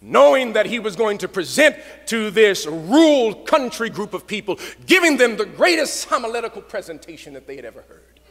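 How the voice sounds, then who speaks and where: A male pastor giving a lecture with preached storytelling in a dramatic cadence. He swings between shouting and hushed tones. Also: high-pitched, very animated, moderate pace. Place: lecture hall. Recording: reverberant lecture hall.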